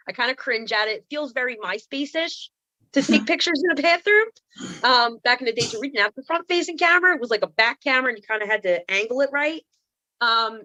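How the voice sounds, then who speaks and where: A woman's voice: sits high, sharp tone, no echo, poor audio. A woman in her thirties telling comedic stories on a video call, sassy and self-mocking with playful asides. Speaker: comedian and speaker. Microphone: computer mic on a video call.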